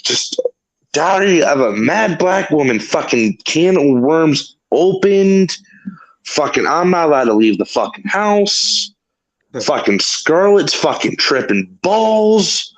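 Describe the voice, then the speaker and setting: A man's voice: on the high side, sing-song, takes it slowly, poor audio. A man hosting a talk show, telling a long story in casual, rambling chat full of swearing. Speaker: podcast host.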